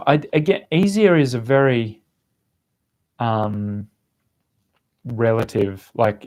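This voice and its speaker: Young man, low-ish voice, rambling, casual livestream Q&A. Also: darkish tone. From Australia. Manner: rambling, many fillers and restarts. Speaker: language-learning channel host. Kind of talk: live stream Q&A, casual chat.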